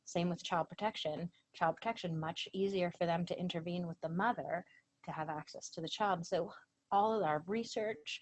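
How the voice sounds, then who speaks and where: A woman's voice: fairly low pitch, fairly even intonation, normal speed, poor audio. A woman presenting a training lecture, earnest and emphatic. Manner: earnest, emphatic, reads out quoted lines.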